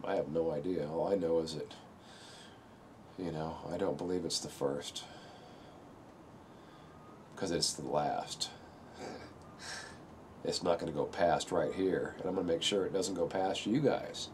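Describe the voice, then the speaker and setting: A man's voice: rumbling low, a little slow, long pauses, a little mellow, a little hiss or hum. A middle-aged man telling a painful personal story in a rambling way, often saying "you know" and straining not to break down. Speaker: video speaker sharing a personal story. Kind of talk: emotional personal monologue.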